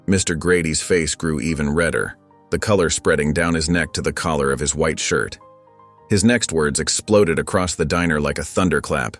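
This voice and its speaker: A man narrating a scripted story in a solemn, even manner. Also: rumbling low, moderate pace, faint music behind.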